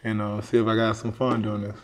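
A man from Miami talks with a rapper guest's loose, slangy ease and breaks into laughs often. His voice sits a little low. The room around him rings with a long, echoey tail. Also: completely flat delivery, quick pace, noisy background. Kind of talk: casual interview chat.

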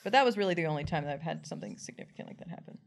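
A woman's voice: deep voice, expressive, rapid-fire, vocal fry. A woman comedian in an interview, talking casually and animatedly, laughing often and acting out what people said. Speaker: comedian guest.

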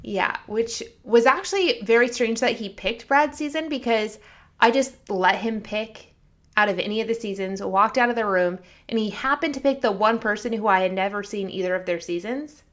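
A woman co-hosting a podcast in casual chat, retelling scenes in a chatty, animated way. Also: mid-range voice, moderate pace. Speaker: podcast co-host.

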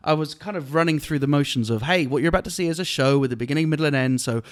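A man, a comedian, telling a story on a podcast in an animated way and laughing often. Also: fairly high pitch, racing. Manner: animated, laughing while retelling an anecdote. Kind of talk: casual storytelling chat.

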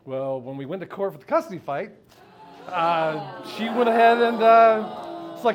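A man's voice: on the high side, normal speed, crowd noise. A man telling a candid, profane personal story at a live storytelling event, often laughing along with the audience. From United States. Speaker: storyteller on stage. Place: live stage before an audience.

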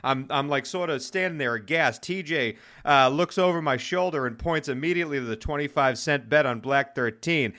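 A man with a bright, forceful voice tells a casual story on a betting podcast. He talks in an animated way, swears freely, and sometimes speeds up. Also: a little high. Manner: animated, swearing, fast-talking. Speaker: podcast host.

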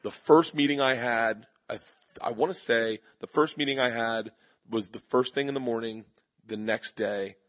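A man, a comedian guest, telling animated stories in an interview before a live audience, slipping into quick voices of other people. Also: mid-range voice. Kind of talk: storytelling interview.

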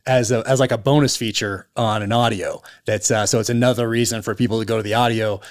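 A podcast host who is also an author interviews a guest in a lowish, fairly even voice at a fast clip. He's casual and enthusiastic, with lots of restarts and fillers.

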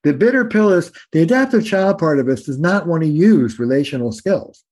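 An older man, a family therapist, talking as a guest in a conversational storytelling style, animated and emphatic. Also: fairly high pitch, fairly quick.

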